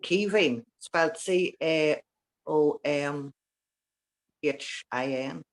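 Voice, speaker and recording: Hesitant low-voiced woman from the audience. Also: fairly even intonation, drawn-out words. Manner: hesitant, apologetic. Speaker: audience member.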